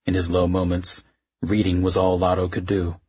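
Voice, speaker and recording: A man narrates a novel in an expressive, wry way. His voice is very low and strongly husky. The recording is dry, close and slightly dull. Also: moderate pace, no echo. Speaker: audiobook narrator. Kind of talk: scripted narration.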